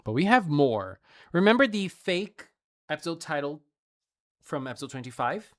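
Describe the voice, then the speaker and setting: A woman's voice: deep voice, sing-song, moderate pace. A woman streamer gushing playfully over fan art in a casual showcase, laughing often.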